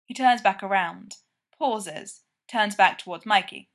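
A woman reads a story aloud in an easy, conversational way, as if telling it to a friend. Her voice sits at a middle pitch for a woman. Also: unhurried. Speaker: reader. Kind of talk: fan fiction read aloud.

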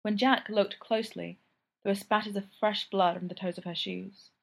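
A woman calmly reading an audiobook as the narrator. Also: mid-range voice, moderate pace, gravelly. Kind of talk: scripted narration.

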